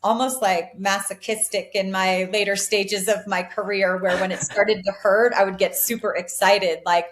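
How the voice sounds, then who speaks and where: A woman's voice: medium pitch, steady tone, normal speed, few pauses. A woman in her forties, an elite distance runner, giving earnest, upbeat answers in an interview, often restarting her sentences. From United States. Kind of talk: reflective interview talk.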